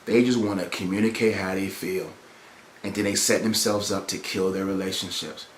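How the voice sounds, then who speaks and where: A man's voice: low voice, fairly even intonation, moderate pace, a little hiss or hum. A man hosting a podcast, giving motivational relationship advice in a preachy way and repeating phrases for emphasis. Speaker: podcast host. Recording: echoey room.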